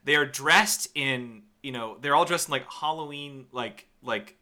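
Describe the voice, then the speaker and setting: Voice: mid-range voice, a little slow, sharp tone. A podcast co-host ranting sarcastically about a bad movie in casual, profane banter.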